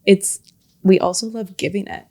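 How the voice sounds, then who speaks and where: A woman's voice: mid-range voice, fairly even intonation, moderate pace, creaky, darkish tone. Casting: woman co-host, gushing, casual, lots of "like.". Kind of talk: casual chat.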